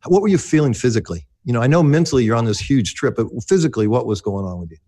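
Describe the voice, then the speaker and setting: A man's voice: medium pitch, animated, rapid-fire, mellow. A male interview host with a mid-range voice who checks in often, summing up what he has heard and pressing for detail. He keeps it conversational and engaged. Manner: recaps and asks clarifying follow-up questions. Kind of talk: casual interview.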